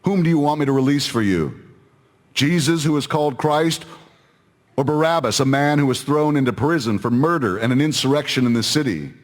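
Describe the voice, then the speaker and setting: Man reading as a stern roman governor, uneasy, pleading questions, middling pitch, long reverb. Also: animated, brisk, close to an everyday voice. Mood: questioning.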